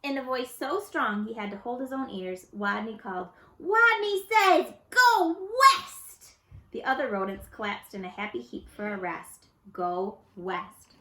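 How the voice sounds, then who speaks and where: A woman's voice: mid-range voice, fairly quick, hardly any pauses. A woman expressively reading a children's picture book aloud, recorded in an echoey room. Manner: expressive, lively storybook reading. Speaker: storyteller.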